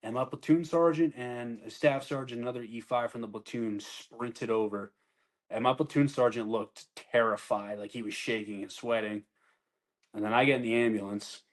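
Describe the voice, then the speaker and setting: A man's voice: medium pitch, steady tone, normal speed, rough recording. Brief: male veteran, blunt storyteller, swears freely, casual interview delivery. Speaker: army veteran telling his story.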